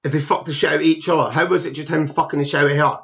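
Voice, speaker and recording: A man's voice: fairly high pitch, little pitch movement, racing, gravelly, a bit bright, muffled recording. A young man giving blunt, scornful, profanity-heavy reaction commentary on a video. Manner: blunt, scornful, swears heavily. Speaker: YouTube commentator.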